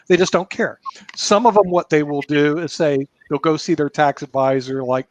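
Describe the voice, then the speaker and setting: Panel guest guy, retirement advisor, makes his case hard, slightly high voice, muffled lo-fi sound. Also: normal speed, no room sound. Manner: emphatic, argues with examples. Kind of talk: panel debate.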